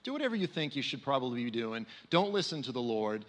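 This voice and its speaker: A man in his forties giving a conversational sermon, animated and full of fillers. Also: mid-range voice, fast. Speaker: speaker at a church. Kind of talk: sermon talk. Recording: long hall reverb.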